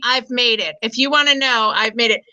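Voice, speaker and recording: A middle-aged woman from the Boston area works a comedy club stage, her high voice ringing very bright over the handheld mic. She talks in a self-deprecating, halting way, full of ums and stumbling restarts. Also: lo-fi sound. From Boston area, USA. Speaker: stand-up comic. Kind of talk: stand-up comedy set.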